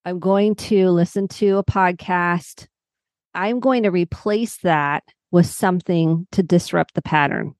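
Woman therapist explaining, low, dry sound. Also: unhurried, no echo. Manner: warm explanatory, walks through examples. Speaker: psychotherapist guest. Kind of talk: podcast interview.

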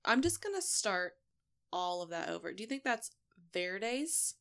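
A woman's voice: mid-range voice, big pitch swings, unhurried, creaky, a bit bright. A woman co-hosting a podcast in a casual, rambling chat, swearing and giggling as she goes. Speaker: podcast co-host.

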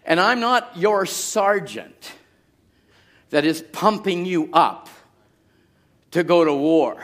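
A middle-aged pastor preaching a sermon, moving from quiet storytelling to shouted exhortation. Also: male voice, high-pitched, lively intonation, slow.

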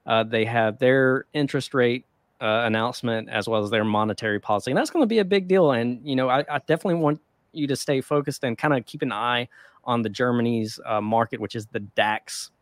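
A man's voice: mid-range voice, brisk, dry recording, clean studio sound. A man hosting a casual trading podcast, talking in a laid-back, rambling way with lots of fillers. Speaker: host.

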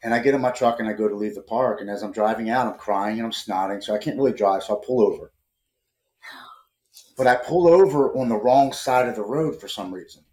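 A man's voice: fairly low pitch, a little fast, a little mellow. A man in his forties, a podcast guest, telling a personal story earnestly and emotionally, often repeating words as he starts sentences. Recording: roomy echo.

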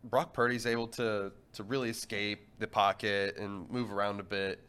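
A man's voice: fairly low pitch, level tone, moderate pace, fairly bright tone, clean tone. A man co-hosting a sports talk radio show, chatting casually in banter.

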